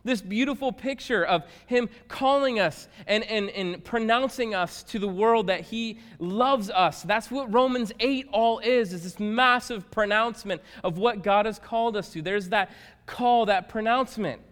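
A man preaching a sermon as a pastor, swinging from hushed tones to loud emphatic shouts. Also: high-pitched, measured pace. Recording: long reverb of a large hall.

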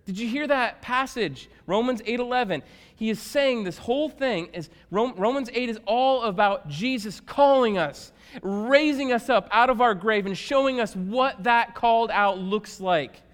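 Man, pastor, sermon, high voice, hushed-to-shouting delivery, long hall reverb. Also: moderate pace. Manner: swings from hushed to shouting for emphasis.

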